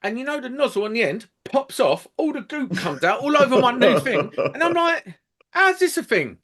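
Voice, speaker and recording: A man's voice: very high-pitched, brisk. Sweary man ranting. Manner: sweary, animated storytelling. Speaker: podcast co-host, electrician. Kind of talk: casual chat, ranting anecdote.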